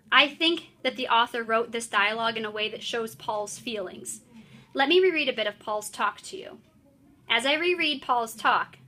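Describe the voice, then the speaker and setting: A woman in her thirties teaching a writing lesson to a class, clear and encouraging as she explains. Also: fairly high pitch, pushed and bright.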